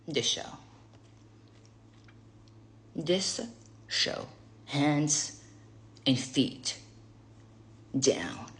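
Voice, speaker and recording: A woman vlogger talking casually to camera, sassy and profane, teasing her viewers, laughing often and swinging between hushed asides and loud emphatic bursts. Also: sits low.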